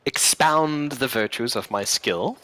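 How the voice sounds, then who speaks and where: A man's voice: medium pitch, slow pace, pushed and bright, voice pushed up. A man voicing a fussy, theatrical male shopkeeper of magic goods who haggles slyly. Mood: wheedling.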